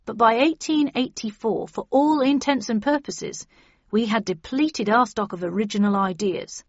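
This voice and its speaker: A woman's voice: fairly high pitch, normal speed, dry recording, lo-fi sound. A woman reading the part of a male official explaining a crisis at length, in an earnest, lecturing way, in an audiobook.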